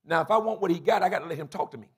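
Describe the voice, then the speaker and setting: Pastor, man, 60s, husky and a bit high, sermon with repetition and loud emphasis. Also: rapid-fire. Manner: storytelling preacher, repeats phrases for emphasis.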